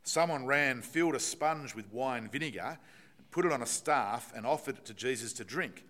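A man's voice: mid-range voice, expressive, normal speed, a bit bright. Aussie guy giving a sermon, medium voice, chatty, asks the church questions. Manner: explanatory, asks the congregation rhetorical questions. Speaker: preacher.

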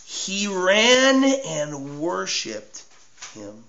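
Impassioned high-voiced preacher in an echoey room. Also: male voice, expressive, slow, gravelly. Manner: impassioned, swinging from hushed to shouting; repeats and stumbles over words for emphasis. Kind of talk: sermon. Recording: echoey room, dull lo-fi sound.

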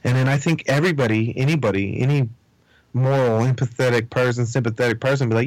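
A man's voice: medium pitch, fast talker, no room sound, poor audio. A man in casual chat, giving blunt, profane opinions.

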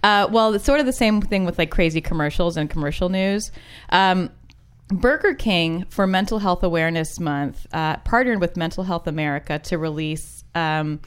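A woman's voice: lowish voice, moderate pace, clear, resonant tone. A woman co-hosting a podcast in casual, wry chat, laughing often. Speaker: podcast co-host.

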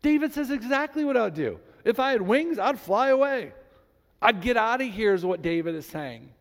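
A man preaching a sermon as a pastor, reading scripture aloud with emphasis and animated delivery. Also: very high voice, normal speed. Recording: long reverb in a large hall.

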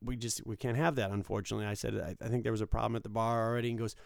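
A man with a gravelly yet smooth voice tells stories in a casual chat. He jumps into other people's lines and acts them out loudly. The sound is dry and close. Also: fairly low pitch, rapid-fire, no echo. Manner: animated storyteller, acts out quotes loudly. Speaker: casino dealer.

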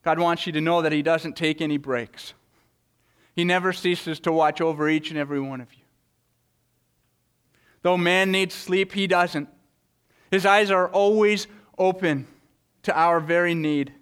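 Earnest male preacher, smooth voice. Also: fairly even intonation, measured pace, pauses often. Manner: earnest preaching with frequent word repetitions; reads scripture aloud with dramatic swings in pitch and loudness. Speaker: pastor. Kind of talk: sermon.

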